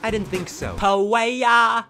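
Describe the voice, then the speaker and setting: A young man at home giving jokey, excitable let's-play commentary, often shouting at the game. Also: high-pitched, slow pace, music in the background. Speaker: gaming channel host. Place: his room at home.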